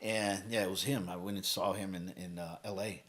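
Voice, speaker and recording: In a casual podcast conversation, a motivational speaker with a low-pitched voice talks a little fast. He energetically tells stories, swears heavily and voices the people he quotes.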